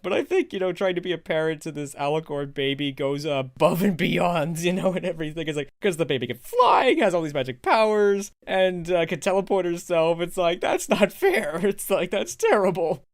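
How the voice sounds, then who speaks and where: Man, fairly high voice, dry close sound; casual rambling reviewer who laughs a lot. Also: no echo. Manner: rambling, chatty, laughs often; animated, swings into high excited quotes. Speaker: video reviewer.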